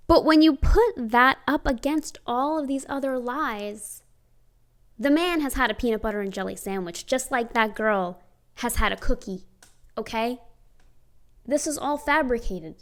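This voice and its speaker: A woman's voice: on the high side, measured pace. A young adult woman telling personal stories to camera in a casual, chatty way, with emphatic, sardonic asides. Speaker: vlogger.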